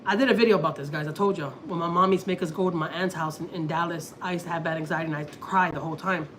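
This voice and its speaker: A woman's voice: on the low side, fairly even intonation, racing, fairly bright tone, a little hiss or hum. A woman from Houston in her thirties, chatting casually on a family livestream and rambling through a personal story as she acts out what people said. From Houston, Texas.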